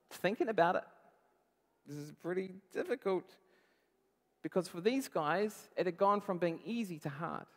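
A male pastor giving a conversational, animated sermon, acting out quotes as he goes. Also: a little high, long reverb tail.

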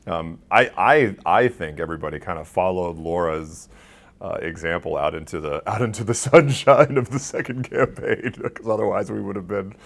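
A male voice actor, appearing as a guest, answers interview questions in a loose, rambling way and laughs often. His voice is deep and gravelly, and he speaks at a moderate pace.

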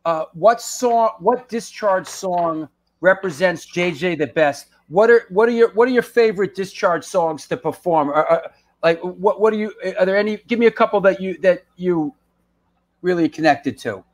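A man's voice: high voice, normal speed. A man hosting a live interview stream, stammering on restarts and reading out viewer questions. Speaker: host.

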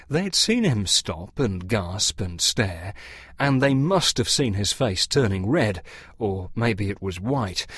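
A man narrating an audiobook story for English learners, reading in a measured, expressive way. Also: medium pitch, breathy edge, no room sound, clean studio sound.

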